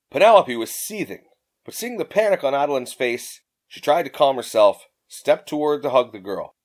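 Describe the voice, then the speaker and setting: A man narrating an audiobook in an expressive reading. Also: medium pitch, normal speed.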